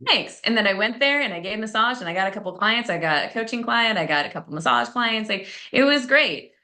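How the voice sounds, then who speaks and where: A woman's voice: on the high side, lively intonation, a little fast, sharp tone. A woman, a guest transformation coach, chatting casually on a podcast, telling stories with frequent laughs and acting out quoted lines.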